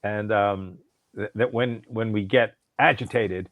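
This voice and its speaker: A man's voice: lowish voice, fairly even intonation, unhurried, no echo, phone-quality sound. A man from Brooklyn chatting casually as a podcast co-host, telling rambling stories full of fillers and restarts. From New York, Brooklyn. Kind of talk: casual chat.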